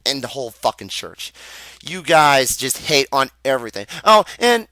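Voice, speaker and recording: Furious young man, swearing, forceful bright voice, dry close mic, slightly high pitch. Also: big pitch swings, moderate pace, no room sound. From United States. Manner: profane, heated, emphatic. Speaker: video ranter. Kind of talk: angry improvised rant.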